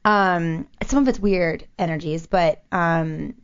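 Woman, casual storyteller, rambling, smooth resonant voice, dull lo-fi sound. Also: on the low side, slow. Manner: rambling, heavy use of "like" and restarts, amused. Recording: dull lo-fi recording.

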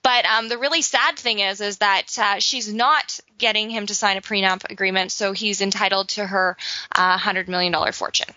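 A woman's voice: medium pitch, steady tone, moderate pace, pushed and bright, no room sound. A woman from Saskatchewan, Canada, co-hosting a casual gossip chat, laughing often and full of fillers. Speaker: co-host. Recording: dull lo-fi recording.

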